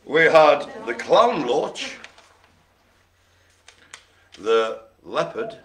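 A man's voice: a little high, very animated, drawn-out words, fairly bright tone. A man hosting a live online bingo show, cracking puns and making silly noises between calls. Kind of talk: jokey live bingo calling.

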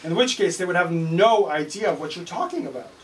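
A man's voice: on the high side, lively intonation, a little fast, distant mic, slight background noise, voice pushed up, close to an everyday voice. A man voicing a know-it-all pirate who explains things patiently, in a story read aloud. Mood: lecturing.

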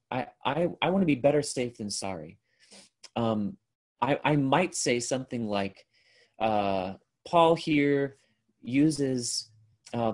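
A man giving a seminary lecture, earnest and thinking aloud, often restarting his sentences and reading lists aloud in a measured way. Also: on the low side, a little mellow.

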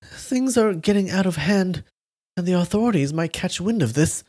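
A man's voice: sits high, big pitch swings, a little fast, a little mellow, voice pushed up. Man doing a nervous, shaky young woman. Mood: worried. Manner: shaky and anxious.

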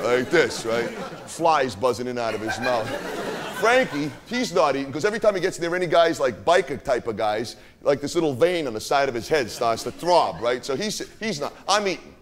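A man's voice: medium pitch, natural voice. A man performing a swaggering, profane streetwise young guy on a live stage, telling a rowdy party story and forever asking "right?". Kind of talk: live stage character monologue. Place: theater stage.

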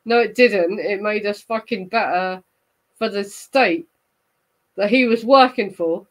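A tipsy woman on a casual livestream, ranting in rambling bursts and swearing freely. Her voice sits at a middle pitch and sounds close and dry, with no room around it. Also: measured pace, no room sound, low-quality recording. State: tipsy from gin. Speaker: host of a true crime livestream. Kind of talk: casual livestream chat, responding to viewers.

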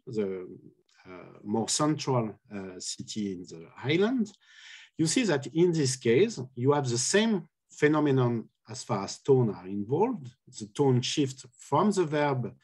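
Over a video call, a man delivers an academic conference lecture on linguistics. He talks slowly and haltingly, filling pauses with many "uh"s as he carefully explains each example. His middle-pitched voice has a darkish, slightly rough tone.

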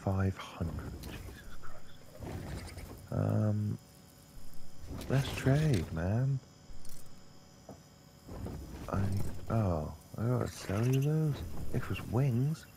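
A man giving casual let's-play commentary, quick to anger and swearing freely as he plays. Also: mid-range voice, noisy background. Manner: swears freely, easily angered, animated reactions. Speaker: gaming YouTuber.

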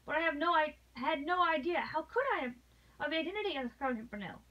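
Woman reading noble lady, impassioned, pleading, high voice, read-aloud novel. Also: lively intonation, quick pace, distant mic, dull audio.

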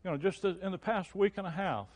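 An older man preaching an emphatic sermon as pastor, his delivery rising to loud, forceful peaks. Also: sits high, quick pace.

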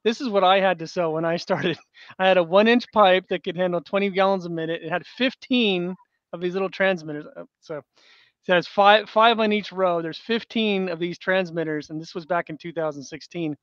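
A man with a fairly high voice explains things in conversation, pointing out items to the camera as he goes. The sound is dry and dull, with a lo-fi quality. He sounds like a co-presenter on an interview show. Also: brisk, fairly bright tone, no room sound. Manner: explains while showing objects on camera.

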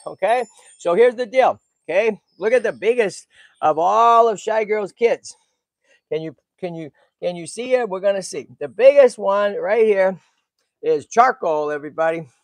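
A middle-aged man from the Boston area, hosting a tortoise sanctuary vlog in an excitable, chatty way and talking to animals and viewers as he walks. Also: high voice, no echo. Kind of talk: casual walk-and-talk vlog.

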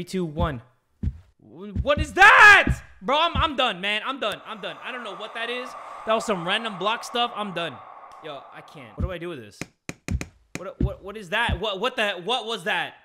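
A young man doing let's-play commentary, excitable and jokey, shouting when scared. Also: high-pitched, noisy background. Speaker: gaming YouTuber. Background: game music.

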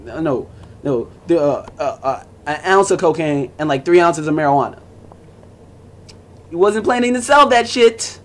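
A man's voice: fairly high pitch, animated, moderate pace. A young man vlogging to camera in a casual, profane rant, blunt and mocking as he talks over music and forum posts.

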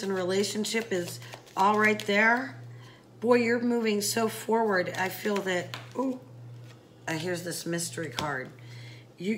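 A woman's voice: mid-range voice, a little hiss or hum, poor audio. A woman doing a casual tarot reading to camera, chatty, with many fillers and talking straight to the viewer. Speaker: psychic tarot reader.

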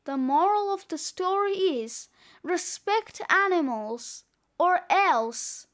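A woman's voice: very high-pitched, lively intonation, slow pace, a bit bright, full character voice. A woman doing a boastful schoolboy. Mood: matter-of-fact. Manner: boastful, breezy. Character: cocky boy, a scheming schoolkid author.

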